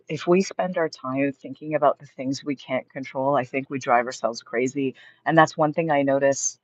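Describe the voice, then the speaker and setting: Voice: mid-range voice, no room sound. An upbeat host of a motivational live stream at home, reading viewer comments aloud and answering them. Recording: slightly dull lo-fi stream audio.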